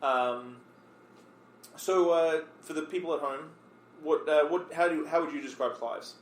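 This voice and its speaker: A man's voice: a little high, measured pace, slight background noise. A man hosting a casual podcast interview, talking loosely with plenty of fillers and restarts. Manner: relaxed, rambling with many fillers. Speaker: podcast host. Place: bar or room, recorded on a phone. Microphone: phone recorder. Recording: echoey room.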